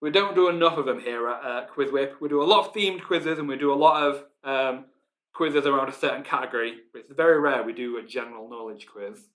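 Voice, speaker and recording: A Yorkshire man from England hosts a live online pub quiz, chatting away, reading out team names and laughing often. His mid-range voice is a bit bright, and he talks a little fast.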